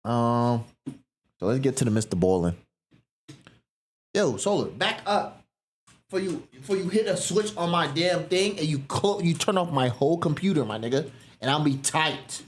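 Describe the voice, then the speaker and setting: A woman's voice: sits low, animated, moderate pace, slight background noise. A woman streamer chatting casually and with lots of slang while she reacts live, scolding her dog between remarks. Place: home room.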